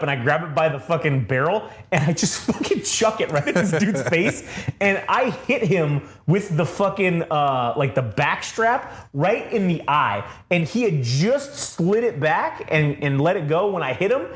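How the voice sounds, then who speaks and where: A man with a high voice spins a long, rambling story in casual podcast chat. He swears freely and keeps breaking into laughter. His voice echoes around a bare room. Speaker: podcast co-host.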